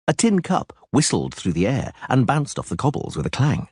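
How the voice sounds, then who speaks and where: A man narrating a fantasy audiobook with expressive, animated storytelling. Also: mid-range voice, moderate pace, husky, no room sound, studio quality.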